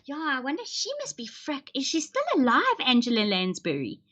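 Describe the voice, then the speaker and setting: A woman's voice: sits high, sing-song, a little fast, fairly bright tone. A woman chatting casually with viewers on her livestream, joking and laughing often. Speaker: livestream host. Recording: dull lo-fi stream audio.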